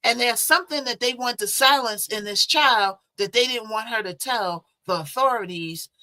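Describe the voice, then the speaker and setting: A woman's voice: a little high, normal speed, pushed and bright. A woman host chatting through a news case in a casual, conversational way, full of rhetorical asides.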